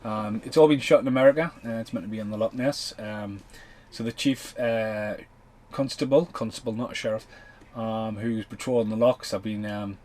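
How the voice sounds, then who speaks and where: A man's voice: on the low side, steady tone, normal speed, darkish tone, low-quality recording. A man hosting a podcast and commenting on a film while it plays, rambling and swearing in a loose, casual way. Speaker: podcast host.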